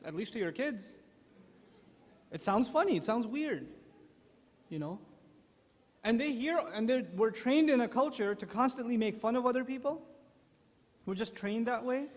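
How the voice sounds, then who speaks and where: Animated male preacher in an echoey hall. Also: very high-pitched. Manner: animated, acts out quotes. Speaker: preacher addressing parents. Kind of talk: humorous sermon talk. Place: large hall with live audience.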